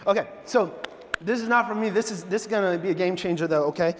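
A middle-aged pastor preaching a sermon, animated and joking, telling stories in a church. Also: male voice, high-pitched, fast, a little hiss or hum. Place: church sanctuary. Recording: long church hall reverb.

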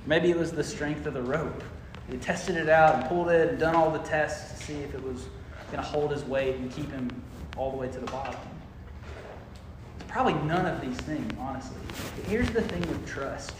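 A man, a youth pastor telling a story in a sermon, animated and full of fillers. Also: a little high. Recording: echoey room with noise.

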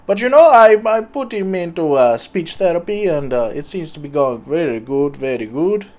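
A man voicing a simple-minded male pig farmer who speaks halting broken English with many fillers. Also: on the high side, lively intonation, natural voice. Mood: rambling. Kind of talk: improvised comedy character.

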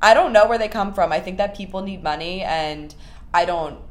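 A young woman chats with a co-host and tells a long story with lively, unpolished energy. Her voice sits on the lower side. She breaks into high, exaggerated voices when she quotes people. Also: normal speed. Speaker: podcast co-host. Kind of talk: casual storytelling chat.

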